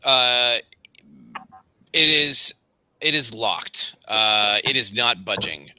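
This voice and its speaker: A man narrating as game master of a tabletop horror game, unhurried and peppered with "uh". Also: mid-range voice, pushed and bright, a little hiss or hum.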